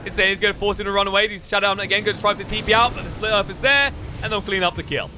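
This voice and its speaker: A man casting a live video game match with rapid, excitable play-by-play. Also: high voice, background noise. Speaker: esports caster.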